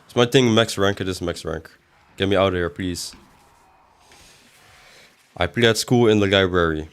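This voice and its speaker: A man's voice: low-pitched, normal speed, smooth. A man doing casual livestream commentary as a game streamer, reading chat aloud and answering it in a rambling way with sudden exasperated outbursts.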